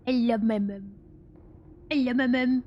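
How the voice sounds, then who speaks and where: A woman voicing a simple-minded, sweet male dog who adores his mom, in a slow, repetitive, sing-song voice. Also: on the high side, fairly even intonation, warm tone, dull audio. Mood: doting.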